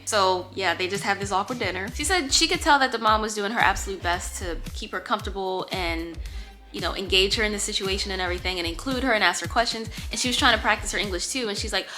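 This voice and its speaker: A bright, clear-voiced woman tells a personal story straight to camera in a loose, chatty way. She slips into little character voices for the people she quotes, and soft music plays faintly underneath. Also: mid-range voice, fast. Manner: animated, acts out quoted voices. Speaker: vlogger. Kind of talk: casual storytime vlog.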